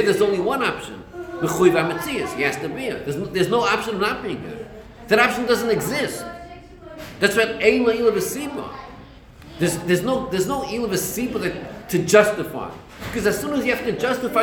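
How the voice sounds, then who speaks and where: A man teaching a text study lecture on a Chassidic discourse. He searches for words, repeats himself and uses many Yiddish and Hebrew terms. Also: high voice. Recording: echoey room.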